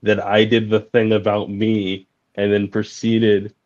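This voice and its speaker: Exhausted male host, low voice, dull lo-fi sound. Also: completely flat delivery, unhurried, a little mellow. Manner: sleepy, mumbling, swears. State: very tired. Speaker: podcast host. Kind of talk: casual chat. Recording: dull lo-fi mic.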